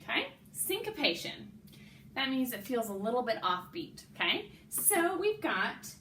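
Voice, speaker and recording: Singing rhythm syllables for her young students, this woman teacher explains them at a measured pace in a fairly high, sing-song voice that is warm and coaxing. The classroom, which has a board, sounds reverberant, with a little hiss or hum.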